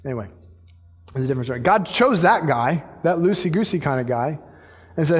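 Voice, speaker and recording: A man's voice: on the high side, expressive, a little fast, long pauses, breathy edge. A male pastor preaching a sermon in a casual, slangy, conversational way. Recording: long hall reverb.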